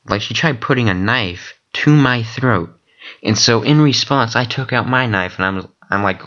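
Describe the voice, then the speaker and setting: A man telling a rambling story in casual vlog style, excitable and profane, with lots of fillers. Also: lowish voice, normal speed, dull audio. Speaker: vlogger recounting dreams.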